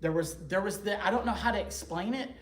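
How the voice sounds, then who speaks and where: A man telling his conversion story to a parish group in a lively, joking, conversational way. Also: high voice, fast talker. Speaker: speaker giving a conversion testimony. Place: church meeting room. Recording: echoey room, faint background noise.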